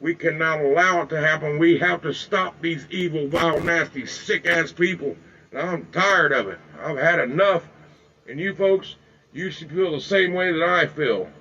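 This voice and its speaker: A man's voice: a little high, normal speed, pushed and bright, lo-fi sound. An older man with four grandsons, ranting at his viewers in an angry, repetitive, folksy way and calling them folks. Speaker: political video blogger. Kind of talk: impassioned direct-to-camera rant. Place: home with flags in the background.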